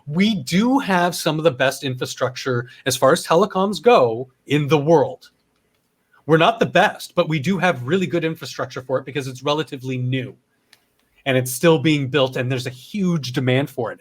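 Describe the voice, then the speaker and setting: A man from Canada hosting a podcast, talking in a casual, rambling way with frequent restarts and swearing. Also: medium pitch. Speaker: podcast host. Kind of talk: casual chat.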